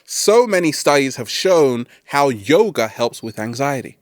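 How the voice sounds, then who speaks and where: Man, self-help host, motivational talk, playful, keeps asking "right?", lively swooping delivery, dry close sound. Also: mid-range voice, measured pace, no room sound. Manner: animated, playful, constantly asks "right?"; throws in jokey catchphrase asides.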